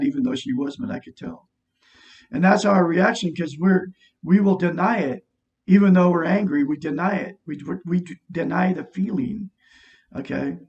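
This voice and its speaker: A man with a high voice reads from a self-help book and drifts into casual, rambling stories, repeating himself and laughing as he goes. He sits away from the mic, and the recording sounds dull and lo-fi. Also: gravelly, a little mellow, distant mic. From Oregon, USA. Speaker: vlogger reading and commenting on a self-help book. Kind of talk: casual reading and chat to camera.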